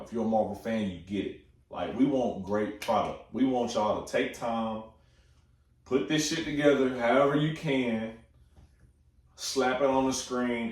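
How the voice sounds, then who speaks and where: Young man, fairly low voice, excited slangy movie chat, swears a lot; echoey room, mic set back. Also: distant mic. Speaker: movie talk host.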